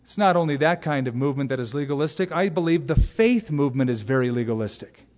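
Animated preacher in a reverberant hall. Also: male voice, on the high side, fast. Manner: animated, acts out voices and exaggerated asides. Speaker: pastor. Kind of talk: expository sermon. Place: large church sanctuary.

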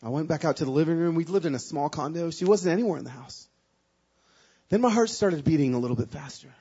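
A man giving a sermon as a guest speaker, telling a personal story with emotion, moving between hushed and loud, pleading passages. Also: fairly high pitch, quick pace, husky, highs cut off.

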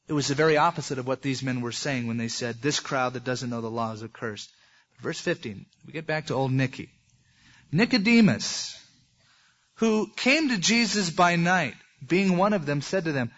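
A man's voice: mid-range voice, lively intonation, a little fast, fairly bright tone. A man preaching an expository sermon in a conversational way, acting out the voices of people in the passages he quotes. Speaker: pastor. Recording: dull lo-fi recording.

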